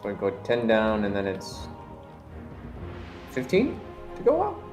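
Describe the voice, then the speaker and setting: A man's voice: lowish voice, wildly swooping pitch, unhurried, darkish tone, soft background music. A man playing in a tabletop game, talking through his moves with some hesitation. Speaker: player. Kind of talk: casual chat.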